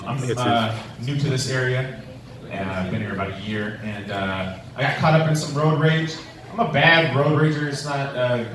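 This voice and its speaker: A young man doing a stand-up comedy set, with a rambling manner full of fillers. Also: mid-range voice. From New Mexico, USA. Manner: rambling, filler-heavy storytelling with many "like"s and "um"s. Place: comedy club stage. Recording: echoey room, distant mic, faint room noise.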